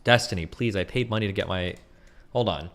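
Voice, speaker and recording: A man streaming fast, heated commentary, arguing and swearing, with frequent "right?" and "okay?" tags. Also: sits low, fairly bright tone. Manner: argumentative, profane, rhetorical "right?" tags. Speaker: streamer debating online.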